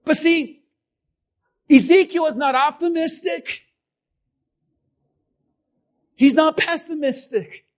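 A man preaching a sermon, asking his congregation questions and swinging between shouted passages and quiet ones. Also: extremely high pitch, slow pace, pauses often. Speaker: pastor.

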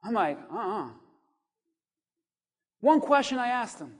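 A pastor preaching a sermon, swinging from quiet asides to loud, animated calls and acting out what people say. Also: male voice, extremely high pitch, slow pace.

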